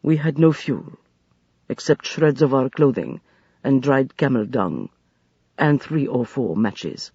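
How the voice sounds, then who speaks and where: A man voicing a grave, gentle desert traveler who speaks slowly and solemnly in an audiobook. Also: mid-range voice, expressive, slightly rough, no echo, muffled recording, full character voice. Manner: slow and solemn, soft-spoken. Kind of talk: audiobook character voice.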